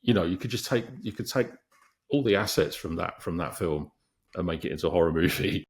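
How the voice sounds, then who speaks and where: Male panelist, deep voice, rapid and jokey. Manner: quick, joking, with fillers. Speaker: podcast panelist. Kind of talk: casual chat.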